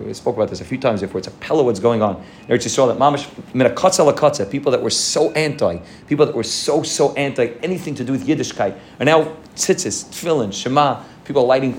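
A man's voice: medium pitch, slight background noise. A man giving a fervent sermon to his congregation as its rabbi, telling stories and weaving in many Hebrew and Yiddish terms. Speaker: rabbi of a synagogue.

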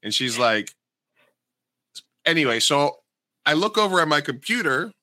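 A man's voice: fairly high pitch, sing-song, a little slow, sharp tone, no room sound. A man casually telling a long story on a podcast, swearing freely and acting out the people he quotes. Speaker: podcast co-host.

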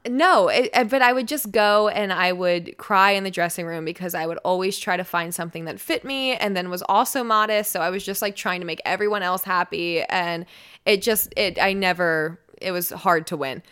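Smooth-voiced chatty woman in her twenties. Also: lowish voice, normal speed, a bit bright. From United States. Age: 20s. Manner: chatty, filler-heavy with frequent "like" and "um". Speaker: podcast guest, radio personality. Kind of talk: casual chat, personal storytelling.

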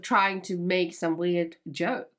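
A woman hosting a casual podcast chat, speaking in a measured, reassuring way. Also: lowish voice, steady tone, fairly bright tone. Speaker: podcast host, wholesale coach.

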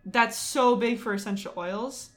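A young adult woman co-hosting a casual chat, rambling and animated, full of fillers. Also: a little high, unhurried.

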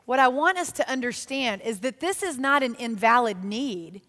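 A woman giving a sermon, telling stories in a lively, self-mocking way. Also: fairly high pitch, normal speed. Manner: animated, self-mocking storytelling. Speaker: church speaker. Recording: long reverb of a large hall.

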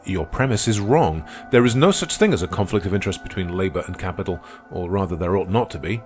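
A fervent, idealistic bishop who protests warmly and insistently, voiced by a man reading an audiobook. The voice sits low, and music plays faintly behind it. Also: expressive, fast. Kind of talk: audiobook character voice.

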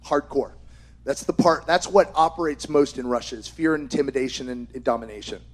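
A middle-aged man preaching a sermon with impassioned exhortations, rising to shouts. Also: mid-range voice, a little fast.

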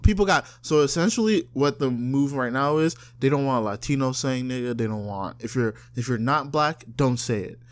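A man from South Florida co-hosting a casual chat, loose and profane, often mocking people in high put-on voices. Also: moderate pace, few pauses. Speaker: podcast co-host.

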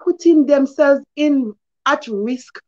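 A woman's voice: slow, a little mellow, muffled recording. Earnest woman hosting a kids' segment. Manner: earnest, emphatic, swoops up in pitch on key words. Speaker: children's segment host. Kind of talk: preachy morning-show talk to kids.

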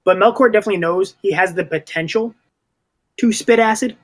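A player in a tabletop game describes his moves in a loose, laid-back, joking way. His fairly high voice moves a little fast and sounds casual.

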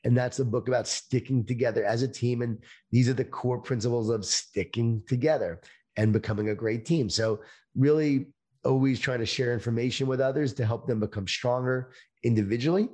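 A middle-aged man speaking as an interview guest, talking about leadership in a slow, emphatic motivational way over a video call. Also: medium pitch, a little mellow.

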